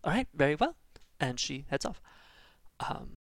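Gravelly-voiced guy running a tabletop game, slow and halting, dry close sound. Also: fairly high pitch, very animated, no room sound. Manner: hesitant, lots of fillers and restarts. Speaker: game master.

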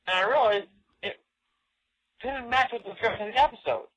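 A man from California leaving a voice message for a podcast, casual and halting with fillers. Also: extremely high pitch, a bit bright, no room sound, rough recording. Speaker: caller.

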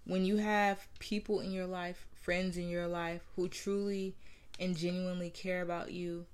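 A woman's voice: on the low side, level tone, a little slow, clean tone. A woman in her thirties from New Jersey, talking candidly about her feelings and repeating phrases for emphasis. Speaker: mother sharing her story. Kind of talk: personal reflective talk.

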